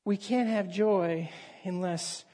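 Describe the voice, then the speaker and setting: A man's voice: sits high, steady tone, slow pace, warm tone. A male pastor delivering a sermon, telling a story with acted dialogue and raising his voice for emphasis.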